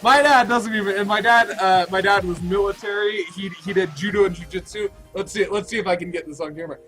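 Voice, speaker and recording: A man in his thirties telling a story to his Twitch chat, rambling and excitable with lots of restarts. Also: sits high, quick pace, faint music behind, low-quality recording. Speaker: Twitch streamer. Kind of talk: casual storytelling to stream chat.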